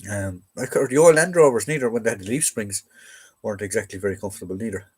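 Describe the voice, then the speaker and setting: Chatty and jokey, this young Irish man wanders off on tangents as he answers chat comments aloud during a casual militaria stream. He talks fast in a lowish voice with a breathy edge.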